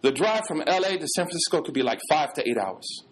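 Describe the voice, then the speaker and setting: A fairly high-pitched American man lecturing as an imam, his voice rising and falling with great animation. He mixes casual street slang with scholarly religious terms and keeps the delivery lively. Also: a little fast, slight background noise. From United States.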